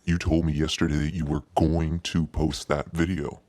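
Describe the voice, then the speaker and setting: A man's voice: rumbling low, level tone, moderate pace, a little mellow, pitched below the performer's own voice. A man voicing his own stern, nagging inner taskmaster who scolds bluntly. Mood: scolding.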